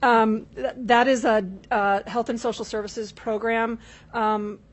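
A woman official giving formal testimony at a legislative hearing, measured and full of filler ums, addressing the chair. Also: on the high side, little pitch movement. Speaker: state corrections official testifying.

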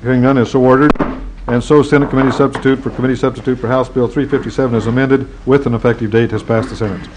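A man's voice: medium pitch, steady tone, background noise. A man presiding over a legislative floor session, calling on senators and putting questions in set formal phrases. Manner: brisk, formulaic chair's wording.

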